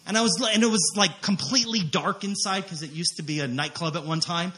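A man, a missionary preacher, telling a testimony story in an animated way, acting out quotes with many fillers. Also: sits high, fast talker, few pauses, a little hiss or hum.

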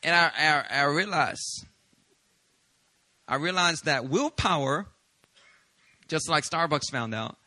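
Male pastor, sermon delivery, animated and self-deprecating, very bright tone. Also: fairly high pitch, slow, long pauses, no room sound. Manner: animated, confessional storytelling with humor.

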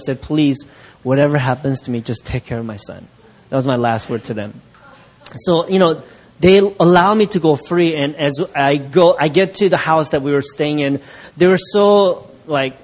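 A middle-aged male pastor tells a story from the pulpit with a slightly higher-than-usual voice. He acts out the people he quotes and laughs along with his listeners. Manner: animated, laughing while acting out quoted voices. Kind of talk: sermon storytelling.

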